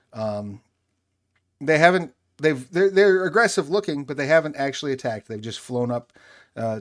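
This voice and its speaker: A man running a tabletop game as game master, narrating loosely with many fillers. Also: mid-range voice. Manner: loose, filler-heavy, laughs easily.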